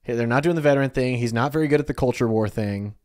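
A man's voice: medium pitch, quick pace, a little mellow, no room sound, clean studio sound. A man co-hosting a casual podcast, rambling in loose chatty sentences. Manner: rambling, lots of "like" fillers. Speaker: podcast co-host. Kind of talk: casual chat.

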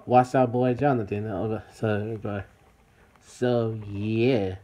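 The voice is fairly low, steady, and mellow, delivered at a measured pace, with the high frequencies cut off. An American man vlogging in the city chats with viewers, repeating his points and hailing everybody.

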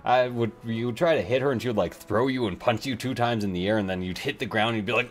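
A man's voice: fairly low pitch, quick pace, few pauses, faint music behind. A man hosting a let's play, chatting casually in a rambling, self-deprecating way. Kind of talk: casual gameplay commentary.

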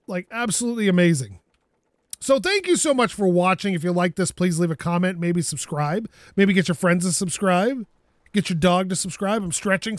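A man giving casual gameplay commentary at home, excitable, laughing, swearing and talking to objects in the game. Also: high-pitched, normal speed, no room sound, clean studio sound. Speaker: gaming YouTuber.

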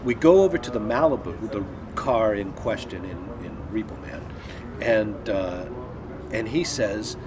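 A man in his fifties, an actor, telling a lively anecdote outdoors on a film set and briefly acting out other people's lines. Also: lowish voice, measured pace. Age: 50s. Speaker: actor interviewee. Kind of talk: anecdotal storytelling. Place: outdoors on a city film set near traffic. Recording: loud outdoor traffic noise. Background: vehicles and street ambience.

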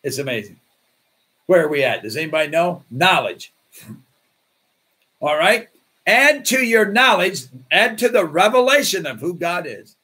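A male pastor delivers a storytelling sermon in a high voice that leaps up and down. His tone is bright and a little husky. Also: measured pace, pauses often. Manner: animated, acts out voices in his stories.

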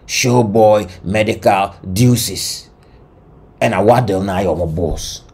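A Ghanaian man with a low, husky voice recounts celebrity drama in animated commentary. He tells the story in lively bursts, mixing languages as he goes, and his voice carries a rough, breathy texture. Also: slow. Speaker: entertainment news commentator. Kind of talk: gossip commentary.

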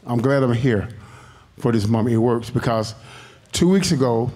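A man with a warm, mellow voice shares his personal testimony. He tells it in an animated, colloquial way, at a middling pitch. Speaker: congregation member.

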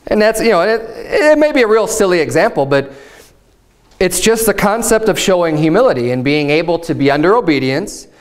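A man preaching a sermon as pastor, earnest and conversational, climbing in pitch and stretching out words to stress a point. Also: animated, fairly quick. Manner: earnest preaching, rising higher and drawing words out for emphasis; conversational asides with fillers.

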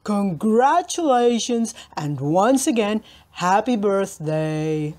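A woman reading aloud and voicing a calm, polite male brontosaurus with a slow, rumbling manner. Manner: slow, measured, courteous.

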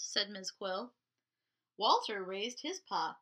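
Animated woman reading to children. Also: medium pitch, takes it slowly. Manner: animated and encouraging, talks to children. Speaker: children's librarian. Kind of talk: storytime reading for kids.

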